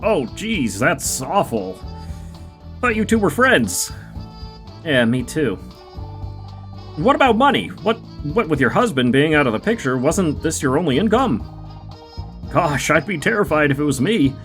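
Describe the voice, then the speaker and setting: Streamer doing a male guard, chatty, folksy, lively pitch, faint music behind. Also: a little slow, long pauses. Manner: folksy, rambling, fussy apologies. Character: chatty nosy male studio security guard.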